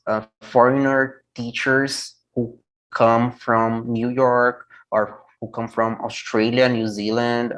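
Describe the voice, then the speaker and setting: A man's voice: medium pitch, poor audio. A man from Brazil speaking English with a Brazilian Portuguese accent, an English teacher giving blunt, opinionated views in a casual conversation. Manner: blunt, opinionated, animated when making a point.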